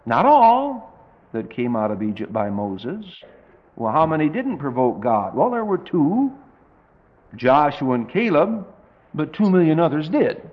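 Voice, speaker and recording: A man preaching a verse-by-verse Bible study with dry, folksy humor, reading scripture slowly. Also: on the high side, sing-song. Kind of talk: verse-by-verse Bible teaching sermon. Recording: dull lo-fi tape recording.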